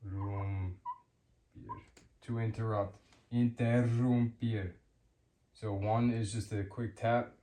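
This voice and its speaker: A man giving a casual spoken language lesson, hesitant with many fillers, repeating example words slowly. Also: on the low side, level tone, dark tone, echoey room. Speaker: language teacher.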